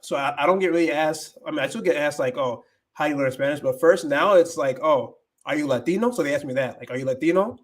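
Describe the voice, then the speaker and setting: This young American man, a native English speaker, hosts a laid-back livestream, hopping between English and Spanish amid plenty of fillers and restarts. His voice sits on the high side, and he talks fast.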